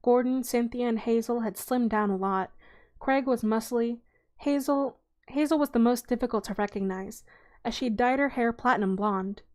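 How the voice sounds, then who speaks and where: A woman reading a children's novel aloud in a relaxed, unhurried way, with small slips as she goes. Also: on the high side.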